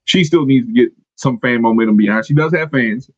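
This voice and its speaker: A man hosting a wrestling podcast in casual chat, animated and laughing often. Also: mid-range voice, fairly quick, no echo, highs cut off. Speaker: podcast host.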